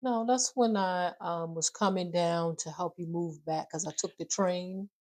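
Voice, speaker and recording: A woman, the host's daughter, gently correcting dates and details in a conversation. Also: on the low side, measured pace. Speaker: daughter of the host.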